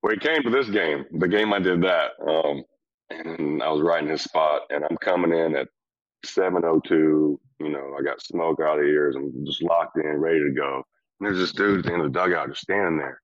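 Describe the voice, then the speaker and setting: A man, a former pitcher, telling a brash, profane locker-room story in an animated way. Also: normal speed, no echo. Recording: dull lo-fi clip.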